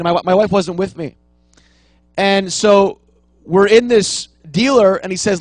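Fairly high-voiced man preaching a story. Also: unhurried, no room sound. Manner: rambling anecdotal, many restarts and fillers. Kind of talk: sermon storytelling.

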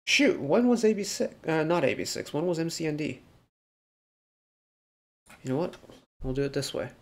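A man's voice: on the high side, expressive, moderate pace. A man hosting a music reaction video, talking through the song in an analytical, rambling way with lots of fillers. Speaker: K-pop reaction host. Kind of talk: casual reaction commentary.

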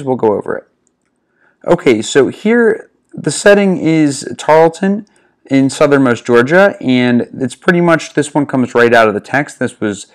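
A man from the American Northeast, a test-prep tutor, casually walking through reading questions step by step, recorded at home on a desk microphone. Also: mid-range voice. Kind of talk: explaining a reading practice test.

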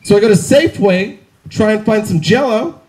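A man's voice: high-pitched, animated, normal speed, a little mellow. A man in his twenties doing a stand-up set outdoors in the rain on a handheld mic, with wry, self-mocking punchlines. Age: 20s. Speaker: stand-up comedian. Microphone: handheld stage mic.

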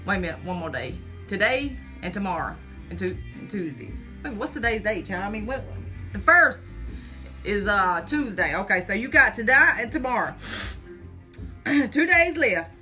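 A woman live-streams from her phone at home, selling makeup in a folksy way and calling everyone "honey" and "child." Nervous and jittery, she talks right through it in a very animated, sharp, medium-pitched voice at normal speed, with soft music behind her.

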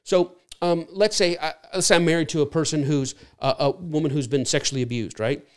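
A middle-aged man teaching from slides in an earnest, searching way. His voice sits a little high for a man, and he often slips into quick impressions of other people. He talks it through like a teacher explaining a point. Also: fairly even intonation. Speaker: speaker teaching a series. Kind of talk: lecture-style talk with slides.

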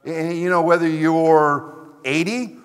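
High-voiced, emphatic preaching man. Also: takes it slowly, smooth. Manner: animated, emphatic, repeating exhortations. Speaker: pastor. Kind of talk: sermon. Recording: echoey hall.

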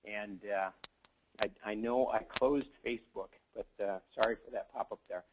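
A man's voice: on the low side, fairly even intonation, normal speed, a little hiss or hum, low-quality recording. A man giving a casual, joking conference talk, rambling with lots of fillers and asides. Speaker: conference presenter.

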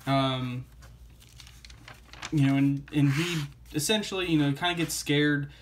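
A man talks through a comic book review in a loose, rambling way, with lots of restarts and "like"s. His voice sits a little higher than most men's, and his delivery is wry and offhand. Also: unhurried, a little hiss or hum. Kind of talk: casual review vlog.

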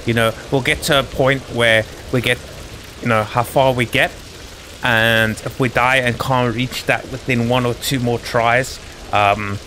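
Man, gaming host, casual commentary, rambling asides, mid-pitched voice, faint hiss behind. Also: fairly bright tone, low-quality recording. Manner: rambling, chatty, friendly asides.

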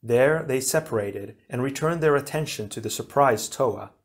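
A man narrating an action storybook in a steady, even reading voice. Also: medium pitch, moderate pace. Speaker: audiobook reader.

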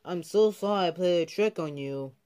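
A man's voice: sits high, moderate pace, clear, resonant tone, natural voice. A man voicing a cheeky, boastful young engine. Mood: sorry. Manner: excited, playful, squealing cheers.

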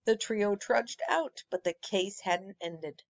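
A woman reading a rhyming children's picture book aloud with an expressive, rhythmic delivery. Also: mid-range voice, slow, dry recording, highs cut off. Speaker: storyteller.

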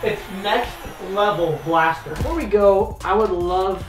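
A man's voice: high voice, measured pace, reverberant, slight background noise. Upbeat young man giving a tour. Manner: upbeat, showing off items like a salesman. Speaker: YouTuber showing his tiny house. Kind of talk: casual chat, house tour. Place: indoors, small decorated hut.

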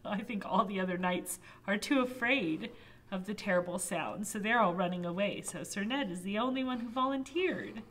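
A woman librarian reading a picture book aloud to toddlers, expressive, with asides to the children. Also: mid-range voice. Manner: slow, lilting and expressive. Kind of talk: toddler storytime read-aloud.

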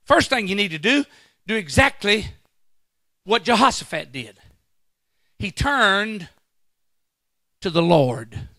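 Male guest preacher, high bright voice, dry close sound, slow dramatic delivery. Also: sing-song, dry recording. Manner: preaching with sudden loud bursts and acted quotes. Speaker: guest pastor. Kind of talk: sermon. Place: church.

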